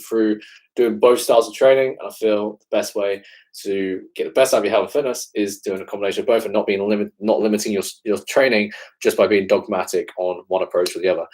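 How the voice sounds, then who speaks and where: Chill english dude in his 20s doing a live q&a, slightly low voice, lots of "man" and "obviously". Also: darkish tone, low-quality recording. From England. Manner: laid-back, fills with "man" and "obviously". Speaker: fitness coach. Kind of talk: live-stream Q&A chat.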